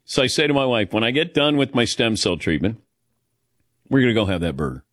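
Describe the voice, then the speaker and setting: A man's voice: fairly low pitch, very animated, a little fast, a bit bright, dry recording. Dry-sounding middle-aged male radio host. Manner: chatty, self-mocking anecdote teller who laughs often. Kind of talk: casual talk-show storytelling.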